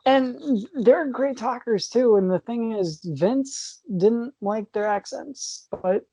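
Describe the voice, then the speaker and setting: A woman co-hosting a casual wrestling podcast, chatty and quick to laugh. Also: fairly high pitch, expressive, warm tone, breathy edge, no room sound. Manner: chatty, laughs often between remarks. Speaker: podcast co-host.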